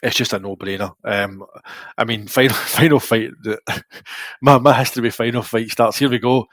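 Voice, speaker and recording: A Glaswegian man in his forties, a podcast co-host telling lively, rambling stories in casual chat. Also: mid-range voice, normal speed, no room sound. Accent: Scottish, Glasgow. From Scotland. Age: 40s. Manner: lively, rambling anecdotal storytelling.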